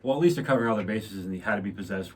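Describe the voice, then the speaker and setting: A woman's voice: very deep voice, racing, a little hiss or hum. A woman co-hosting a podcast, chatting casually and making dry, wry comments. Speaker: podcast co-host. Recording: somewhat distant mic.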